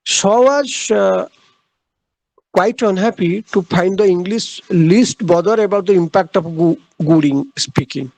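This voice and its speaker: Halting male literature lecturer with a gravelly voice. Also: sits high, a little mellow, no echo, poor audio. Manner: halting, repeats key phrases, frequent "uh" pauses. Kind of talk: classroom lecture.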